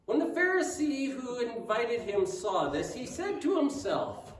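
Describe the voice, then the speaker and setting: A man's voice: extremely high pitch, very animated, a little slow, few pauses, darkish tone. A man preaching a sermon as pastor, telling a story with asides and rhetorical questions to the congregation. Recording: echoey room, mic at a distance.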